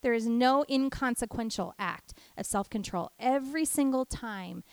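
Woman, high voice, dry close sound, middle-aged, devotional teaching, lively storyteller. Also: normal speed, clean tone, no echo. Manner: animated storyteller who acts out family voices. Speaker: women's ministry teacher.

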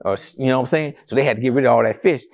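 A male pastor preaching a sermon to a congregation in a church, animated and conversational, with rhetorical questions and calls to the congregation. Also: medium pitch, racing. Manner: addresses the congregation as family, calls for responses.

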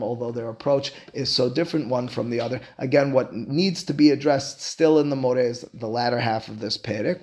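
A man, a rabbi, giving a lecture to a class, animated and emphatic, then dropping into quiet asides. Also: medium pitch, creaky. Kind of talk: classroom lecture on Jewish philosophy.

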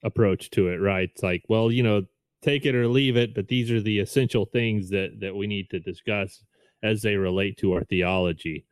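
A man's voice: on the low side, moderate pace, clear, resonant tone, dry recording. A man hosting a podcast, speaking thoughtfully and hesitantly as he asks his guest questions. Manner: hesitant, many fillers and restarts, thoughtful. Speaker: podcast host. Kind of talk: casual podcast interview.

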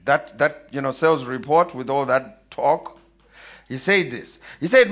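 A man's voice: a little high, lively intonation, a little slow, sharp tone. A man preaching a sermon, calling out questions for the congregation to answer and laughing often. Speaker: pastor.

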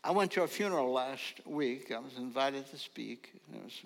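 An older man preaching a folksy sermon, telling stories slowly and now and then rising into loud ringing calls. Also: medium pitch, gravelly. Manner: slow storytelling, bursts into loud ringing calls. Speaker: pastor. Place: church sanctuary. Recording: long reverb of a large hall.

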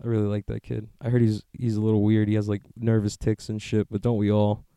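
A man's voice: on the low side, monotone, fast talker, dark tone, smooth, no echo, clean studio sound. A man talking in a casual, rambling monologue, swearing often and joking as he goes.

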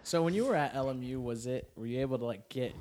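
A man's voice: medium pitch, lively intonation, fast, a little mellow, a little hiss or hum. A man co-hosting a podcast, joking and teasing in casual banter. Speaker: podcast co-host. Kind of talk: casual chat.

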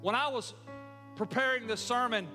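A man preaches a sermon in a high, bright voice. He builds emphasis and then drops into soft, tender lines. The sound carries a long hall reverb with faint music underneath. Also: normal speed. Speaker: pastor.

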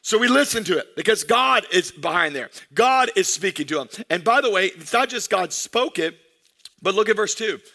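A man's voice: sits high, expressive, normal speed, pushed and bright. A man in his thirties, a pastor preaching a sermon with energy and calling out to his congregation.

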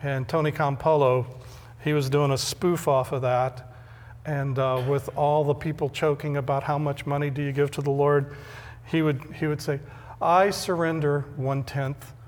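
A man's voice: on the high side, level tone, moderate pace, darkish tone, in a large hall. A middle-aged male pastor preaching a sermon in a conversational way, often repeating words when he stresses a point.

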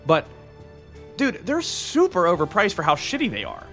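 A young man in casual podcast chat, excitable and profane, riffing loosely. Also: high-pitched, normal speed, soft background music. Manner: lively, profane, excitable with laughs.

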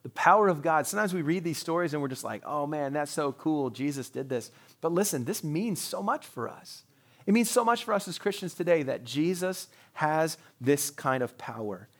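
Middle-aged male pastor, fairly high voice, animated sermon with chatty jokes. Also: a little fast. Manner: animated and joking, chatty asides.

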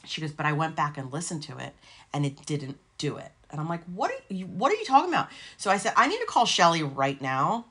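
Low-voiced woman podcast host, rambly storyteller, cusses a lot. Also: a little fast, husky. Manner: rambling, swears freely, animated retelling. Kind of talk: casual chat, storytelling.

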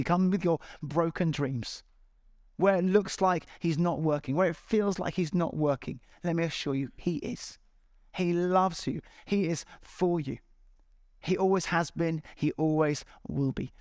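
Male pastor, earnest sermon, encouraging, fairly high voice, dry close sound. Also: dry recording. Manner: earnest, encouraging, with repeated appeals. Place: large church hall.

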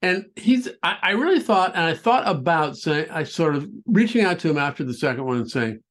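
Man, casual podcast talk, halting, repeats words, somewhat high pitch. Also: lively intonation, fairly bright tone. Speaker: interviewer.

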